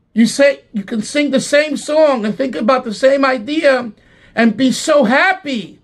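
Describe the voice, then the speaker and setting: A man preaching a sermon with rising passion and emphatic cries, phrasing his words slowly and deliberately. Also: extremely high pitch, fairly bright tone. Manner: impassioned, swelling to emphatic cries. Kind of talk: sermon with sung melody.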